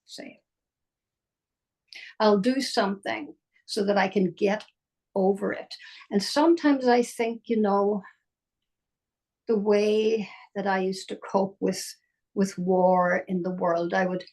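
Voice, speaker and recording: An older woman giving a slow, musing spiritual talk, dropping at times into soft whispers. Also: medium pitch. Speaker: spiritual teacher. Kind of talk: reflective spoken talk.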